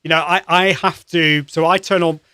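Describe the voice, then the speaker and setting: A man hosting a live-streamed lesson, coaching voice warm-ups in an upbeat, encouraging way with many restarts. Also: fairly high pitch, fairly even intonation, normal speed, clear, resonant tone, no room sound, clean studio sound. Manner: upbeat and encouraging, demonstrates sounds; conversational with frequent restarts.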